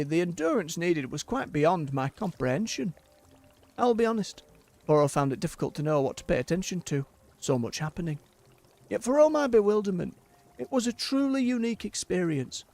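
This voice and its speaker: A streamer voicing a gentle, formal tea-shop creature. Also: mid-range voice, vocal fry, voice pushed up. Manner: polite, formal, speaks of himself by name.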